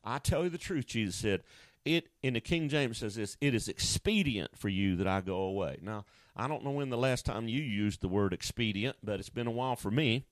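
A man's voice: on the low side, expressive, brisk, dry recording. A male pastor preaching a sermon in a folksy, conversational way, often restarting his sentences.

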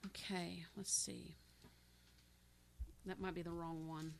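A woman preaching a sermon with fervent, repetitive emphasis, swinging between loud exclamations and soft pleading prayer. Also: lowish voice, flat delivery, slow pace, gravelly, slight background noise. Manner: fervent, repetitive, addresses listeners as saints.

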